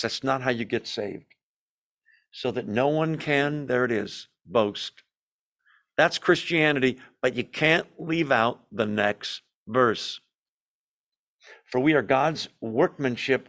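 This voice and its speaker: A man's voice: on the high side, fairly bright tone. A man teaching an evening Bible study, reading verses aloud with emphasis and putting rhetorical questions to the room. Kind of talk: sermon-style Bible teaching. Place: church room.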